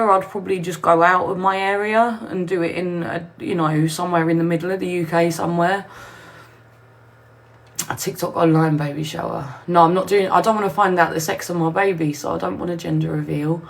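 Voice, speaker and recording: A woman's voice: fairly low pitch, fairly even intonation, brisk, creaky. Chatty woman live-streaming from home. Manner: rambling, answering viewer comments aloud. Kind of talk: casual live-stream chat. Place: new home, indoors.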